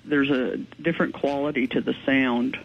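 A woman's voice: rumbling low, fairly even intonation, moderate pace, dull audio, a little hiss or hum. A woman, a ghost investigator, speaking earnestly and matter-of-factly as a radio guest. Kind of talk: radio interview.

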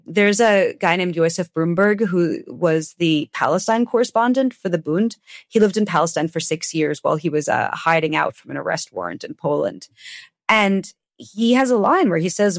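A woman guest author answering in a podcast interview, telling stories with lively, sharp emphasis. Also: fairly low pitch, moderate pace, no echo, studio quality. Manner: animated, storytelling with sharp emphasis.

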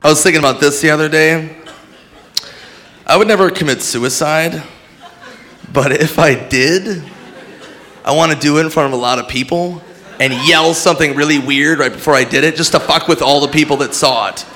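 High-voiced casual stand-up comic man. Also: normal speed, long pauses, bright, forceful tone, slight background noise. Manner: casual, chuckling. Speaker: stand-up comedian. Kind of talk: stand-up musing.

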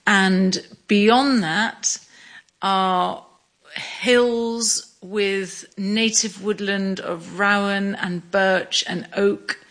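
A middle-aged woman from Scotland telling her story in an interview, measured, with small restarts. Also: medium pitch, fairly bright tone. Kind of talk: reflective interview.

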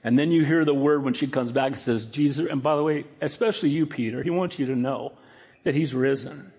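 A man preaching a sermon, animated, acting out scripture quotes in a raised voice. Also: mid-range voice, fairly quick, husky. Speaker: pastor.

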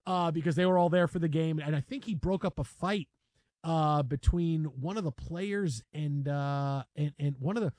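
A man co-hosting a sports radio show in a studio, telling stories in a lively, animated way and acting out the people in them. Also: fairly high pitch, normal speed, dry recording. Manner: animated storytelling, acts out shouting fans. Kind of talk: casual sports radio chat.

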